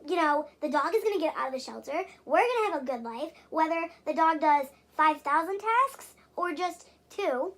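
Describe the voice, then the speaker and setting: Young adult woman vlogger, high pitch, exasperated rambling rant. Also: lively intonation, normal speed, few pauses, fairly bright tone. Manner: rambling and exasperated, with frequent swearing and fillers. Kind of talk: casual venting vlog.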